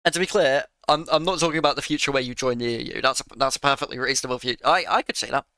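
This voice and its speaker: A man's voice: medium pitch, rapid-fire, bright, forceful tone. A man giving a sarcastic, exasperated reaction rant to another creator's video.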